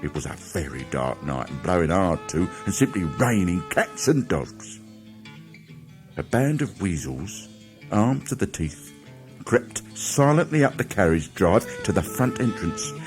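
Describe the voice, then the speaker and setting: Lively, low-voiced male storyteller. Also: a little slow, music in the background. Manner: animated, dramatic storyteller. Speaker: audiobook narrator. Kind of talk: storybook narration.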